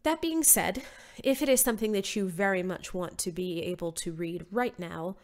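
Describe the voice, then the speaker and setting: A woman's voice: medium pitch, moderate pace. A woman in her thirties hosting a solo podcast, sounding nasal from allergies, blunt and sarcastic with casual swearing. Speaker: podcast host.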